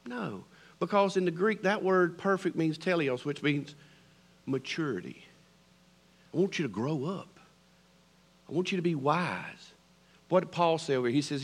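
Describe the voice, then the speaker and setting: Animated Southern preacher, man. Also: sits high, normal speed. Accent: Southern American. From American South. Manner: swings between loud preaching and hushed near-whispers. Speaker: pastor. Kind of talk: sermon.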